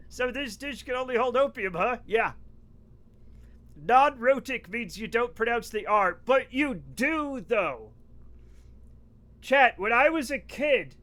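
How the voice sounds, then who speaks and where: A middle-aged man from the United States, streaming live and joking loudly with his chat as he rants about pronunciation. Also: very high-pitched, expressive, slow pace.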